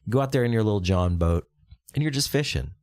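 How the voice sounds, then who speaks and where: A man's voice: on the low side, animated, quick pace, a little mellow, smooth, no echo. A young man co-hosting a podcast, telling stories in a loose, laid-back way with lots of swearing. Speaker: podcast co-host. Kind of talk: casual chat.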